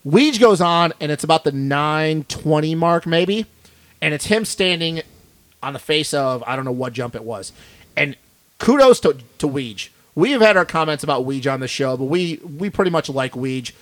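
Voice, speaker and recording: A man's voice: on the high side, animated, moderate pace, fairly bright tone, dry recording. A man co-hosting a podcast in a studio, ranting bluntly and swearing a lot in casual chat. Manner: blunt, profane, fired-up ranting. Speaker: podcast co-host.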